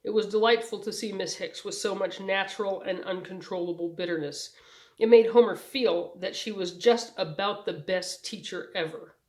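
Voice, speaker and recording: A woman's voice: medium pitch, a little mellow, rough recording. Woman narrating a bedtime story. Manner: measured storytelling. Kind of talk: audiobook narration.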